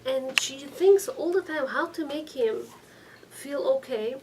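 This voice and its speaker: A woman's voice: high voice, lively intonation, unhurried. A middle-aged woman giving a religious class, telling stories with acted-out quotes and checking in with her listeners. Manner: storytelling with acted quotes, frequent restarts and "okay?" checks. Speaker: rabbanit giving a weekly class. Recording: distant mic with faint room noise.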